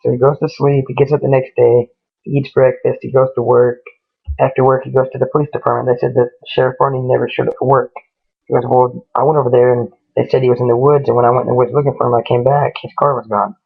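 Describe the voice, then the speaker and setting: A man tells a ghost story off the cuff, stringing events together and reporting every exchange with "he goes" and "she goes". His voice is gravelly and fairly flat at an ordinary pitch. The recording is thin and phone-like. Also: fast. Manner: rambling, retells dialogue with frequent "he goes", "she goes". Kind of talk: casual spoken ghost story.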